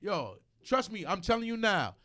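Fired-up high-voiced man arguing. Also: moderate pace. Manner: animated, swearing, repeats himself when fired up. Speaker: podcast host. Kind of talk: heated casual podcast debate.

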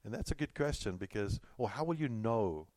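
Here the middle-aged California pastor sounds fairly low and somewhat dark in tone, expressive and a bit quick as he preaches. His sermon is casual and story-driven, full of self-repeats and asides, and the audio carries no echo.

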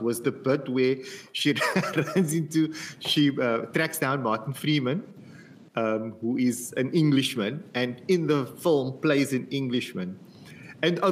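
A man's voice: medium pitch, a little hiss or hum. A man co-hosting a casual movie podcast, retelling scenes with lots of laughter and fillers. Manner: chatty, laughs often, animated retelling. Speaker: podcast co-host. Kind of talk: casual movie review chat.

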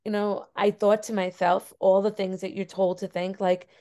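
A woman's voice: medium pitch, level tone, normal speed, mellow. A young adult woman teacher, a podcast guest, telling a personal story earnestly with many fillers. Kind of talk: casual interview conversation.

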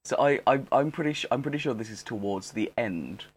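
A man's voice: medium pitch, animated, husky. Young male podcast co-host, mid-range voice, loose and rambling delivery. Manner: rambling, halting with fillers and restarts. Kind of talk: casual chat.

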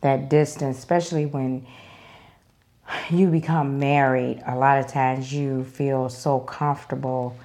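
A woman co-hosting a casual podcast chat, with a notably low voice. She talks emphatically and colloquially, often backing up her co-host with firm agreement. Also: level tone, unhurried, mellow.

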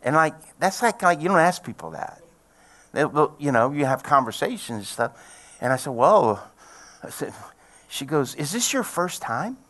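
A middle-aged man preaching a sermon, telling a personal story in a folksy way and building to loud, excited preaching. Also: on the high side, moderate pace. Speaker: pastor.

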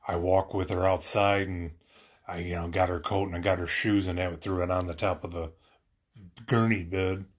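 A man's voice: low-pitched, level tone, moderate pace. A man telling a personal story about his family in a rambling, earnest way, full of fillers and restarts.

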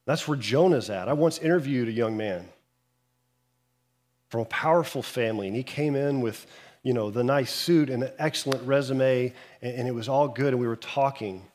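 A man preaching a sermon, telling a Bible story with animated storytelling and acting out the characters' lines. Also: medium pitch. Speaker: pastor.

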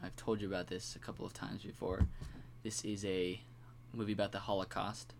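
A man's voice: fairly low pitch, level tone, fairly quick, creaky, background noise. A young man co-hosting a podcast in casual chat, enthusiastic and repeating words of praise. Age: young adult. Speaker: podcast co-host.

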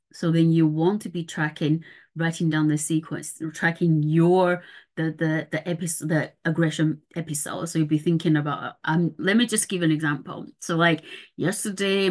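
Parenting coach, middle-aged woman, somewhat low voice, talks listeners through things step by step. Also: darkish tone. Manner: explains step by step, checks in with "right?". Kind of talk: podcast explainer.

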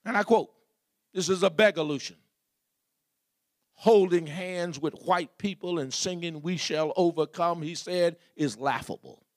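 A man's voice: fairly high pitch, a little slow, no echo, studio quality. A man preaching a sermon as pastor, building repeated refrains and asking the congregation questions.

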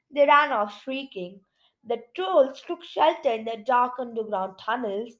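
A woman reading a children's storybook aloud, expressive, with chatty asides to listeners. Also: a little high, low-quality recording. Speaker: audiobook reader.

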